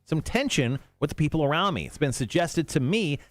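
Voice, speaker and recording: A man's voice: a little high, expressive, fairly quick, no echo. A man hosting a morning radio show, teasing his co-hosts in casual banter and reading music news with lots of fillers.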